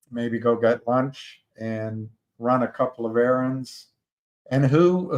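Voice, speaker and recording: Slow, halting man livestreaming alone. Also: mid-range voice. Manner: slow, halting, with many restarts and fillers. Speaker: livestream host. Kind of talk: casual livestream commentary.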